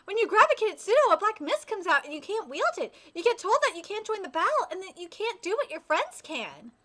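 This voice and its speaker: A woman reading as a gentle, kind young swordsman. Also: very high voice, very animated, a little fast, full character voice. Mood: earnest.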